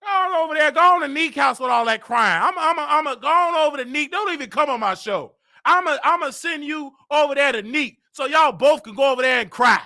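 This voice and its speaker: A man hosting a comedy show, ranting with exaggerated indignation and bursts of shouting. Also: very high voice, expressive, brisk, hardly any pauses.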